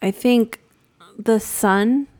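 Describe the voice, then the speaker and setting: A woman's voice: a little high, drawn-out words, a little mellow. A woman hosting a podcast in a casual movie-review chat, making dry, teasing asides to her co-host.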